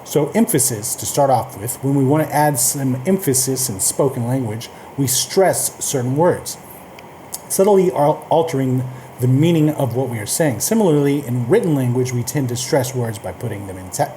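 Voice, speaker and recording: A man walks through a coding lesson in a relaxed, chatty way, reading documentation aloud and breaking off for offhand asides. His voice is mellow and sits at a middle pitch. A faint hiss runs under the recording. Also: normal speed. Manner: loose and chatty, reads docs aloud with asides and filler. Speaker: coding tutorial host.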